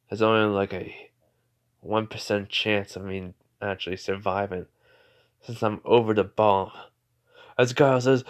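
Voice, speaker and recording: A man's voice: fairly low pitch, fairly even intonation, measured pace. A man casually making up a fan fiction story aloud, rambling with lots of "like" and "you know" and often correcting himself.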